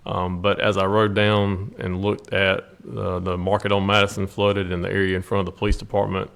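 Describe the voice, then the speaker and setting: A city official giving his report at a council meeting in a measured way, with many filler ums. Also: deep voice, level tone, gravelly, fairly bright tone.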